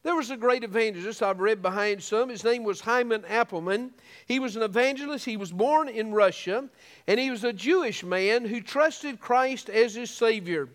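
A man's voice: high-pitched, moderate pace, big-room sound. A man preaching a sermon as pastor of a small church, earnest, with frequent restarts.

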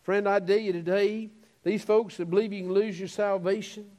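A man preaching a sermon, swelling into emphatic peaks, stretching out key words and dropping to quiet, low phrases. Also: fairly even intonation, normal speed.

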